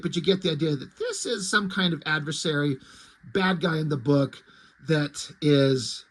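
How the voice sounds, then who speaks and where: A comic book reviewer casually recaps a comic's plot, rambling and restarting with lots of "like." His voice is a little high and husky.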